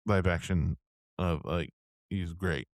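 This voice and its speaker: A man's voice: low-pitched, fairly even intonation, slow, no echo. A man co-hosting a podcast, chatting casually and hesitantly, circling back on himself mid-thought. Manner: hesitant, many fillers and restarts. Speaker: podcast co-host. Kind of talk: casual chat.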